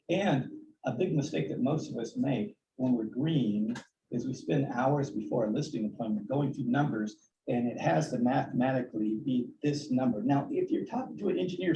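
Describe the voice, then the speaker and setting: A man's voice: mid-range voice, vocal fry, mellow. A man, a real estate agent, giving sales advice at a town hall in an earnest coaching tone, often restarting his sentences. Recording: distant, dull, echoey room audio with faint noise.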